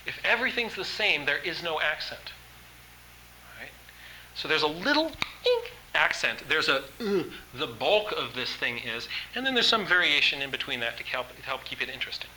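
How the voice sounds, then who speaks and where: A man's voice: on the high side, very animated, normal speed, pushed and bright, slight background noise, rough recording. A man teaching an art workshop, talking in an enthusiastic, conversational way with frequent fillers. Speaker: art instructor. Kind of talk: workshop lecture.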